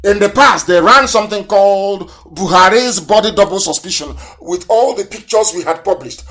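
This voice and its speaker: A man from southeastern Nigeria, giving an impassioned, scornful live political broadcast full of rhetorical questions. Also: on the high side. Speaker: broadcaster and activist leader.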